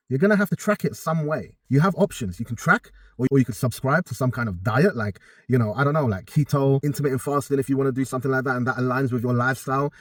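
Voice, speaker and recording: Blunt, cursing trainer. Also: male voice, medium pitch, darkish tone, slightly rough, no echo. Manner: blunt and profane, talks straight to viewers. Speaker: personal trainer. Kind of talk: casual direct-to-camera advice.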